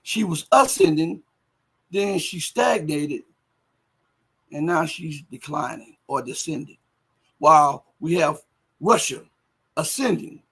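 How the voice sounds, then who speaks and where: A man hosting a livestream, reading viewer chat and commenting emphatically, firing rhetorical questions and building up to shouting. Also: a little high, vocal fry, breathy edge. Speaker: livestream host.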